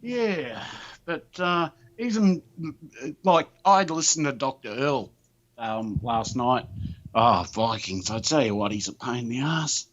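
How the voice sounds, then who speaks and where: A man in casual podcast chat, excitable and profane, laughing often. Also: medium pitch, takes it slowly, dull audio.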